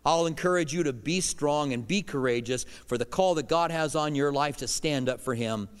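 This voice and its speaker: Middle-aged guy preaching, kinda higher voice, earnest, goes loud then real quiet, long church echo. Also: normal speed, clear, resonant tone. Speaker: pastor. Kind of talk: sermon. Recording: long hall reverb.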